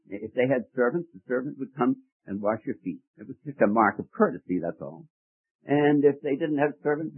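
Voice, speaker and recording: A man's voice: mid-range voice, slightly rough. Preacher man on a tinny, lo-fi recording. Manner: expository teaching with questions to the congregation. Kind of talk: sermon. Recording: tinny phone-like old recording.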